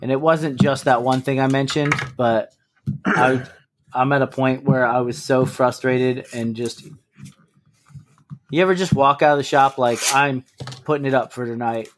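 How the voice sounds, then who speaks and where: A man's voice: mid-range voice, steady tone, unhurried, pauses often, slight background noise. Man, podcast co-host, casual chat, easygoing, jokey sign-off.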